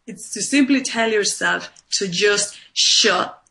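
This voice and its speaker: A woman's voice: mid-range voice, slow, gravelly, bright, forceful tone. A woman life coach explaining her method in an interview, emphatic and repeating points for stress. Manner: emphatic, repeats points with "right?" and "you know". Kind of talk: conversational interview.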